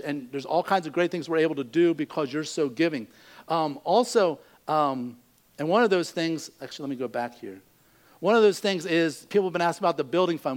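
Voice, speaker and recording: A man pastor giving church announcements in a relaxed, conversational way, with frequent fillers. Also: fairly high pitch. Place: church service.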